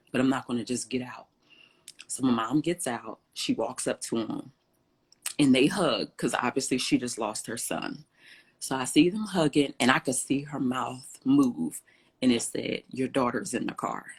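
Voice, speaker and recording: A woman guest in an interview, telling a personal story with lively, acted-out dialogue. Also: very deep voice, normal speed, breathy edge. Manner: animated storyteller, acts out quoted dialogue.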